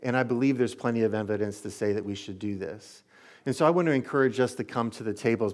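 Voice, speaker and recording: Man, pastor, sermon, earnest, mid-pitched voice. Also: a little mellow. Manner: earnest, leads a closing prayer.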